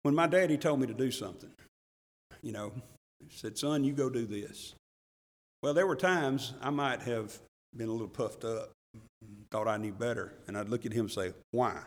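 A man's voice: mid-range voice, normal speed, long reverb tail. A man preaching a folksy, conversational sermon as pastor, often laughing and repeating himself for emphasis. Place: church sanctuary.

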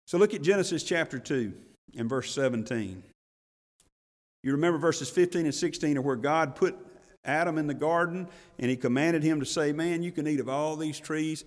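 A man's voice: a little high, long reverb tail. A male pastor giving a sermon, talking in a folksy way that builds into emphatic, rising bursts.

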